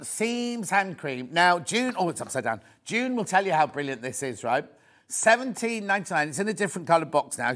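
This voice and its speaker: A middle-aged man presenting a live shopping channel, chatty and excitable, often raising his voice. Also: a little high. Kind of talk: live TV sales pitch. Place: TV studio.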